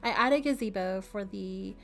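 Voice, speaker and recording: A woman's voice: medium pitch, normal speed, creaky, soft background music. Chatty woman narrating with frequent laughs. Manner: chatty, laughs often, friendly asides. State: has the hiccups. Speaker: game builder narrating a build video. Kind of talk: casual voice-over narration.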